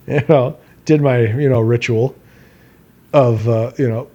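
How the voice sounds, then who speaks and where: A man's voice: mid-range voice, steady tone, slow, warm tone, highs cut off. A man co-hosting a podcast, telling a long personal story in a rambling, casual way with frequent laughs. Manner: rambling, laughs often, acts out quotes in a raised voice. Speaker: podcast co-host.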